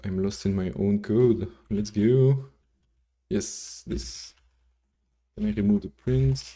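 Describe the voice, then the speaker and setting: A man whose first language is French takes his time as he live codes, his voice on the low side and dark in tone. Rambling and casually profane, he chats with viewers between code steps.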